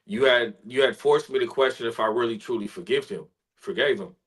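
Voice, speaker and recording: A male spoken word poet tells a deeply personal story over a video call. He speaks in an earnest, emotional and measured way, at a middle pitch, and his story builds in vulnerable detail. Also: low-quality recording.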